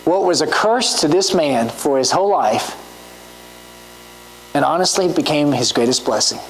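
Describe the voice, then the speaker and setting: A woman's voice: deep voice, expressive, normal speed, a little hiss or hum, rough recording. A woman preaching a sermon in a church, earnest and asking rhetorical questions.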